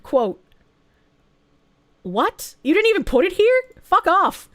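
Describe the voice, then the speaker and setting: Very high-voiced giggly woman streamer. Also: very animated, slow, long pauses, fairly bright tone, no room sound. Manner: giggly, laughs often, blunt and crude. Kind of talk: casual live-stream chat, reading messages aloud.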